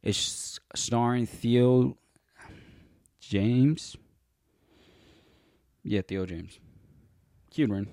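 A man's voice: medium pitch, very slow, pauses often, darkish tone, no echo, clean studio sound. A young man co-hosting a casual movie podcast, rambling and often correcting himself when he loses a name. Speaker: podcast co-host.

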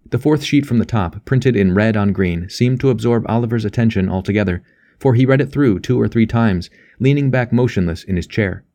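Mellow, low-voiced male audiobook narrator. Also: a little hiss or hum. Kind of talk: scripted narration.

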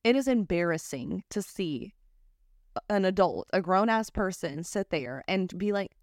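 A woman's voice: fairly low pitch, lively intonation, unhurried, no echo, studio quality. A young woman hosting a podcast, giving candid advice in a casual chat, swearing freely and using lots of fillers. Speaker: podcast host.

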